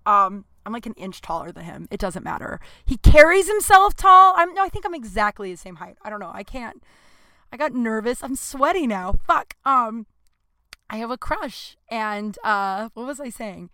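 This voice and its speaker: A woman's voice: a little high, animated, moderate pace, bright, forceful tone, no room sound. A woman in her late thirties talking nervously in a rambling, flustered monologue, swearing freely. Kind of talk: casual confessional monologue.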